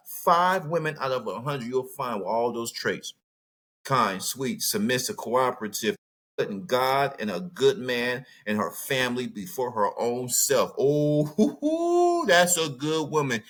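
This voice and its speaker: A man's voice: mid-range voice, moderate pace, fairly bright tone. A man from California with a Southern US accent, hosting a podcast in an emphatic, repetitive, preachy monologue. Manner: emphatic, repetitive, rants with bursts of laughter. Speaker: podcast host.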